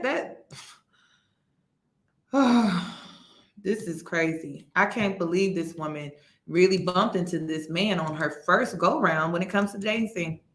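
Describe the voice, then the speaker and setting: A woman's voice: medium pitch, fairly bright tone. Incredulous woman host in an echoey room. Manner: incredulous, mocking, emphatic. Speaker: commentary host. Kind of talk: reaction commentary.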